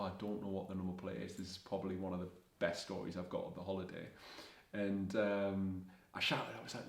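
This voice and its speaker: A young man rambles through a travel story in a low, level voice with little rise and fall. He is a fashion vlogger, chatting casually and quoting what people said. The room around him rings with echo. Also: vocal fry. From Scotland. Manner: rambling anecdotes, quoting himself and others. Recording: echoey room.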